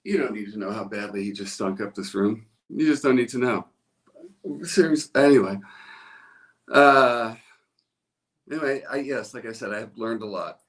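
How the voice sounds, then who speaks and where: A man's voice: lowish voice, normal speed, long pauses. A man hosting a live stream from a room at home, chatting in a rambling way and greeting viewers by name. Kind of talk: casual live-stream chat.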